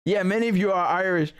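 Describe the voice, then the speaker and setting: A man hosting a live political stream, talking in a heated, sarcastic way with many restarts. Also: on the high side.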